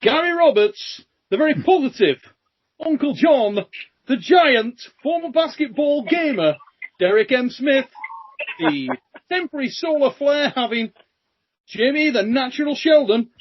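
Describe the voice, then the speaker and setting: A man's voice: very high-pitched, expressive, a little slow. A British man hosting a casual chat show, blunt and joking, swearing freely. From Britain. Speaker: show host. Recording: muffled lo-fi audio.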